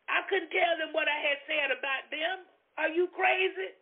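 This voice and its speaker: A middle-aged woman with a husky voice telling her testimony on a Christian radio program, animated and emphatic, laughing often. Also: very high-pitched, normal speed, hardly any pauses. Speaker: guest speaker giving a testimony. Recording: tinny phone-line radio recording.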